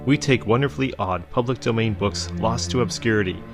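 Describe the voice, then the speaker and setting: A man's voice: on the low side, fairly quick, over music. A man reading a scripted advertisement. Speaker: ad announcer. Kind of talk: scripted ad read.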